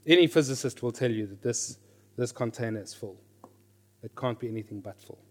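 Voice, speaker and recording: Teaching scripture reading to a class, a middle-aged man speaks briskly in a mid-range voice. He stays energetic, puts questions to the group, and circles back to his main phrases again and again.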